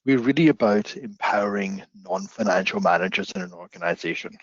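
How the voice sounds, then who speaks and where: A man with a South African accent presenting a business webinar, explaining things deliberately and slowly. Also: on the low side, no room sound. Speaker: company founder presenting a webinar. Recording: dull lo-fi webinar audio.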